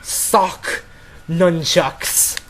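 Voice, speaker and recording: A man tells a long story to his friends in a slow, unhurried way, his voice sitting a bit high. He rambles, stacks up "like" and restarts his sentences. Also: a bit bright, slight background noise, poor audio.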